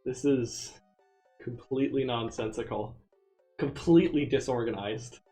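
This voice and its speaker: A man's voice: mid-range voice, a little slow, warm tone. A man reads a text adventure game aloud on a live stream, casual and amused, dropping in offhand remarks as he goes. His voice sits in the middle range, and faint music plays in the background. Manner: casual, amused, with frequent laughs.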